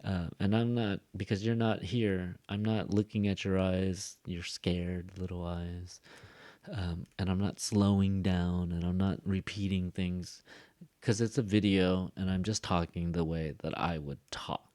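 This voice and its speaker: A man teaching a recorded pronunciation lesson, talking casually and fast, drilling example sentences with heavy stress. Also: low-pitched, steady tone, mellow.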